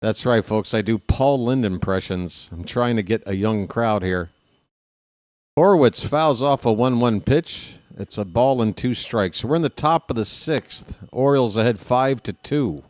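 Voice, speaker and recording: Slow, joking play-by-play man. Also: expressive, a little mellow, no room sound, studio quality. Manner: jokey, rambling asides between pitches. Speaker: play-by-play announcer. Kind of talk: casual live baseball play-by-play.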